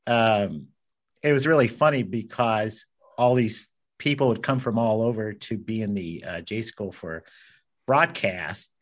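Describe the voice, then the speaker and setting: A man hosting a casual interview podcast, telling stories in an animated way. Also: on the low side, measured pace. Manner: storytelling, animated. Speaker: podcast host.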